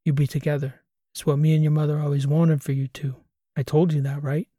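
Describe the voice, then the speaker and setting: A man voicing an aging, grieving father who talks in a gruff, plain-spoken way, in an audiobook reading. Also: fairly high pitch, flat delivery, brisk, warm tone, no echo, studio quality, close to an everyday voice. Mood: resigned.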